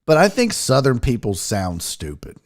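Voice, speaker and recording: A brash, profane man from the American South hosts a casual sports talk livestream, joking with viewers. His pitch swings widely and animatedly as he talks. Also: huge pitch swings, moderate pace. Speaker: sports talk show host.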